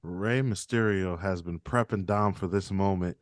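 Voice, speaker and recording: Low-voiced guy on a podcast, deadpan, sarcastic, dry sound. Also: moderate pace, no room sound. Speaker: podcast co-host. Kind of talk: casual chat.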